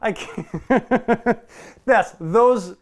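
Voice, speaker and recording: A man co-hosting a movie review show who argues his side in casual debate and often stumbles and repeats words. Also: very high voice. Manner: argumentative, halting, repeats words.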